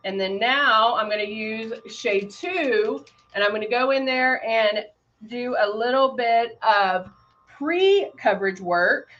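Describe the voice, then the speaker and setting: A woman's voice: a little high, slow, fairly bright tone, dull audio. A woman casually demonstrating airbrush makeup on a livestream, greeting viewers by name while she works. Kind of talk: casual live makeup demo chatting with viewers.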